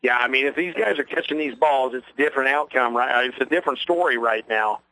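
Bright-voiced man calling a radio game. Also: mid-range voice, dry recording, low-quality recording. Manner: folksy, rambling, quickens on big plays. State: losing his voice. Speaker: play-by-play announcer. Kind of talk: local radio sports commentary.

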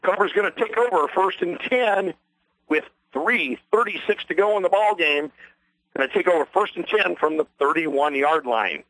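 A man doing play-by-play for a local radio broadcast of a ball game, folksy and rambling, quickening on big plays, with a voice worn from a long night. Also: high voice, expressive, a bit bright, no room sound, low-quality recording. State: losing his voice. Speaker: play-by-play announcer. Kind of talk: local radio sports commentary.

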